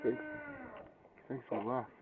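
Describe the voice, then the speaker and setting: A man's voice: medium pitch, wildly swooping pitch, slow pace. A man chiming in with short wisecracks and teasing comments. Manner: wisecracking interjections. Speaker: listener chiming in. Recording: distant, tinny phone-like sound with clear noise.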